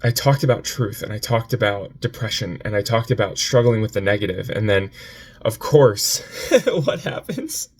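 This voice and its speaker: A man with a somewhat low voice records a personal confessional vlog on his phone. He is upset and close to tears, and he speaks haltingly, repeating phrases and sighing between thoughts. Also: fairly even intonation. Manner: halting, repeating himself, with sighs. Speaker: vlogger.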